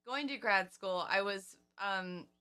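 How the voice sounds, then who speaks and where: A woman's voice: medium pitch, takes it slowly, bright, forceful tone, clear, resonant tone. A woman in her twenties, a singer, telling her story in a casual interview, chatty and openly emotional.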